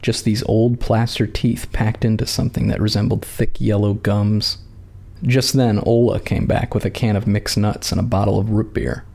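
A man calmly reading a short story aloud in a measured narrating voice. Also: fairly low pitch, creaky.

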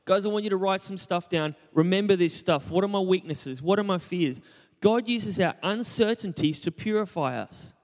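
A man's voice: sits high, normal speed, a little mellow, long reverb tail. A young man preaching a conversational sermon, joking about himself and asking the congregation questions. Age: young adult. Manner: conversational, self-deprecating, asks the congregation questions. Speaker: pastor.

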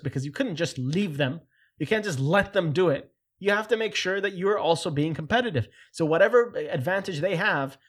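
A man hosting a casual solo commentary, animated and jokey, getting louder when he mimics other people. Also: fairly high pitch. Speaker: host.

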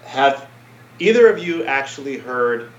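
A man's voice: mid-range voice, sing-song, unhurried. A man co-hosting a casual podcast, rambling and thinking aloud. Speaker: podcast co-host. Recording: roomy, dull home mic.

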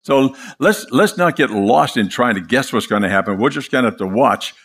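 An older man preaching a sermon, impassioned and dramatic, telling stories with pauses for effect. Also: mid-range voice, lively intonation, fairly bright tone, husky.

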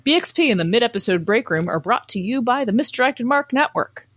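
A woman's voice: a little high, lively intonation, a little fast, a bit bright, no echo. A young adult woman co-hosting a podcast, dry and wry, chatting and reading sponsor spots. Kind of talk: casual podcast chat and ad reads.

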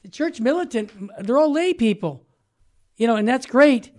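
A talk show host with a fairly high male voice chats casually. He jumps in with eager, emphatic remarks and rough restarts. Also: lively intonation, normal speed.

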